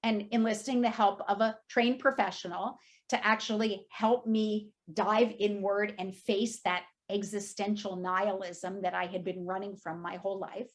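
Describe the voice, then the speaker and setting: A woman in her fifties telling a personal story at a talk, candid and emotional, with many casual fillers. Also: mid-range voice. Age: 50s. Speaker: speaker at an industry talk.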